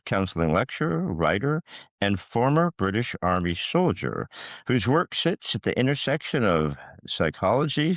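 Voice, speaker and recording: A man's voice: on the low side, no room sound, muffled recording. A man hosting a podcast, introducing his guest in an upbeat, chatty way. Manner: upbeat and enthusiastic. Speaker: podcast host. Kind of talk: casual interview chat.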